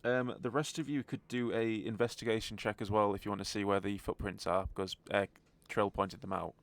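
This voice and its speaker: A man running a tabletop game as game master, with relaxed fillers and chuckles. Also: on the low side, fairly quick.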